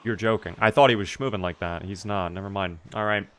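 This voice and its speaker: A man's voice: fairly low pitch, a little fast, a bit bright. A man streaming a game live, chatting casually and answering his chat as he plays.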